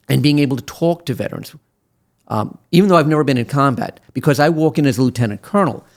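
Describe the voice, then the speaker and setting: A man in his sixties from Brooklyn, a veteran attorney talking as an interview guest. He tells his stories in an animated way, with plenty of fillers and restarts. His voice sits at a middle pitch. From Brooklyn, USA. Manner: animated storyteller with many fillers and restarts who acts out quotes. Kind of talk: interview storytelling.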